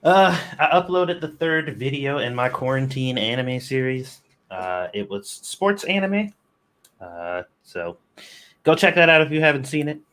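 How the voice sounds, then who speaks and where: A man with a bright, sharp tone talks slowly on a casual livestream. His pitch swings widely, and he eases into each thought with a hesitant "uh.". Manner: relaxed, halting, starts with "uh". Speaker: co-host.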